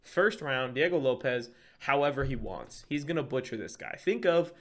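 Excitable man hyping up fight picks. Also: mid-range voice, normal speed. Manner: excitable, profane, hypes up his picks. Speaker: podcast co-host. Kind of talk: casual chat.

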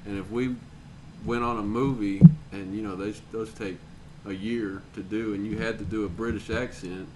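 A blunt, crude young man with a Southern US accent, co-hosting a casual podcast. His voice sits a little low, with a faint hiss in the background. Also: flat delivery, normal speed. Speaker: podcast co-host. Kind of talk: casual chat.

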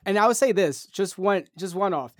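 A man's voice: high voice, moderate pace, dry recording, clean studio sound. A man in a casual podcast chat who talks reflectively and builds up to emphatic points.

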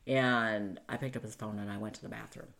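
Very deep-voiced woman recounting an ordeal. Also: steady tone, creaky, fairly bright tone. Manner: halting, urgent retelling with frequent "you know". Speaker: interview guest telling her own story. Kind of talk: emotional personal testimony.

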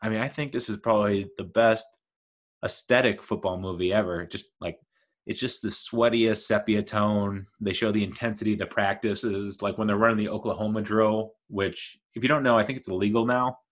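A man's voice: on the low side, fairly even intonation, normal speed. A man giving a casual, rambling, enthusiastic film commentary as a movie reviewer.

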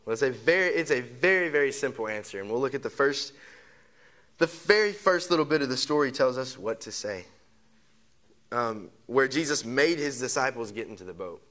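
Here a pastor preaches in an animated, mid-range voice at a moderate pace, his tone fairly bright. He circles back to the same phrases, piles on rhetorical questions, and draws the congregation into saying lines back.

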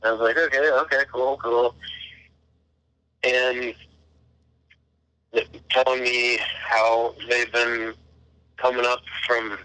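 A man with a bright, forceful voice tells a rambling story over a dry, close sound. He curses freely and jumps in and out of quoted dialogue, playing both sides of the call. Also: mid-range voice, level tone, slow pace, pauses often, clean tone, no room sound, low-quality recording. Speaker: caller recounting a phone call. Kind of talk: casual storytelling.

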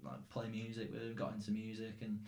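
A man's voice: lowish voice, monotone, brisk, darkish tone, roomy sound. A young Northern English man chatting casually as podcast host, rambling and swearing freely. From England. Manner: rambling, swears, laughs often. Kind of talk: casual chat.

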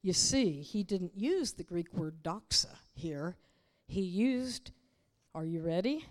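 A woman's voice: lowish voice, expressive, slow, in a large hall. A woman preaching a sermon, teaching the congregation and asking them rhetorical questions.

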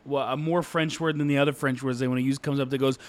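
A man's voice: mid-range voice, steady tone, fast talker. A man co-hosting a casual podcast, joking with wry exasperation. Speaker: podcast co-host.

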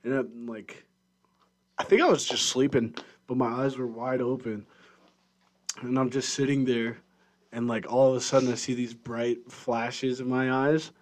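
A man's voice: mid-range voice, little pitch movement, a little slow. A young man co-hosting a podcast, telling a long story in casual chat, rambling with lots of fillers and frequent laughter. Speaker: podcast co-host.

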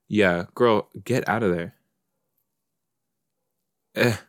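A podcast host with a lowish voice speaks extremely slowly, chatting casually and talking back at the screen while watching an episode in a watch-along.

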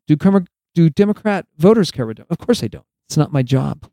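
High-voiced man in sarcastic commentary. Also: animated, brisk, dark tone, no echo. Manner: sarcastic, emphatic, preachy. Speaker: podcast host. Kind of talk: opinionated solo commentary.

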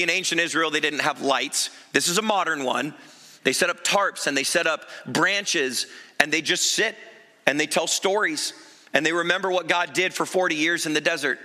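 A man preaching a sermon as pastor in a church, telling the story in an animated way with emphatic asides. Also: fairly high pitch. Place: church sanctuary. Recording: long reverb of a large church hall.

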